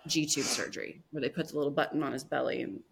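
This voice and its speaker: A woman guest on a podcast, telling a personal story in a soft, emotional way with many pauses and restarts. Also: low-pitched, steady tone, creaky, slight background noise.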